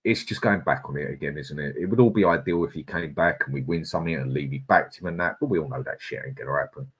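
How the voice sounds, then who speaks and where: Deep husky guy on a live stream, chatty and blunt, calls everyone mate. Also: quick pace. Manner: chatty, blunt and opinionated, with frequent "mate" and laughs. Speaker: live-stream co-host reading viewer chat. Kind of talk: casual live-stream chat.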